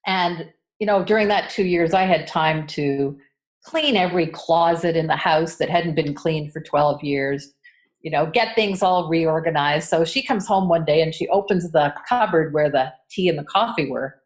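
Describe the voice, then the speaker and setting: A woman's voice: low-pitched, moderate pace. A woman in her sixties, an interview guest telling her story candidly with lots of fillers. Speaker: interview guest, entrepreneur coach. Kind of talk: casual interview chat.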